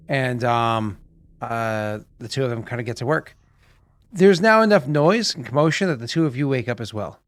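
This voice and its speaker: A man's voice: medium pitch, expressive, normal speed. A man narrating a tabletop game as game master, hesitant, with many fillers and restarts.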